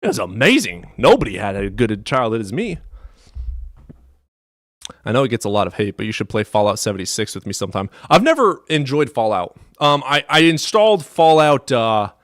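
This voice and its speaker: A man from the US Midwest live streaming, chatting in a profane, animated way that swings between loud outbursts and low mutters. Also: moderate pace, dry recording, clean studio sound. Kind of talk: casual livestream chat.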